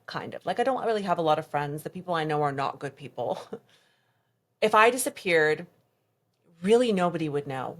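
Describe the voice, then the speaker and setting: Woman guest, low voice, halting delivery that slips into reenacted dialogue, candid testimony. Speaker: podcast guest. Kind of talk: personal testimony in conversation.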